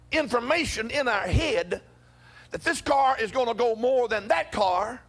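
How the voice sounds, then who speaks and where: A pastor telling a funny story during a church sermon, animated and often chuckling as he talks. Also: very high-pitched, slightly rough.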